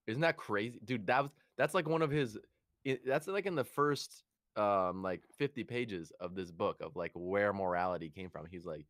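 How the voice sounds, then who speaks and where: Male podcast co-host, relaxed slangy delivery, deeper voice, dry studio sound. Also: moderate pace, no echo. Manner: laid-back, says "dude" and "like" a lot. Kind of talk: casual chat.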